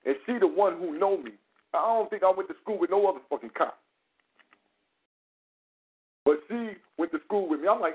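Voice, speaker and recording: A man with a high speaking voice tells his story with swearing and acted-out back-and-forth, animated the whole way. The sound comes through a thin, phone-like radio line. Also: moderate pace, long pauses. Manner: animated, profane, acts out dialogue. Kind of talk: casual radio talk, storytelling.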